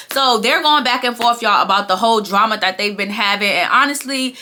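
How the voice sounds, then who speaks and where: A young woman recapping a reality show for her viewers in a chatty, animated way, repeating phrases and talking straight to her audience. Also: fairly high pitch, fairly quick, few pauses. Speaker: TV recap vlogger. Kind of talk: casual recap commentary.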